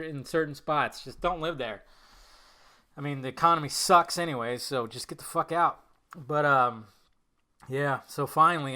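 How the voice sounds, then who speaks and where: A young man hosting a casual solo podcast, swearing freely and swinging between low mumbled asides and loud, exasperated outbursts. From Southern California. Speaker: podcast host.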